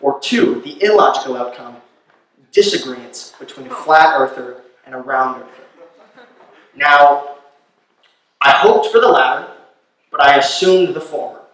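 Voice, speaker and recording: A man performing a stand-up comedy set, telling a long story and building to loud, incredulous rants. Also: medium pitch, lively intonation, measured pace, long pauses, recorded from a distance. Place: live comedy venue. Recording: very echoey room, voice from off-mic.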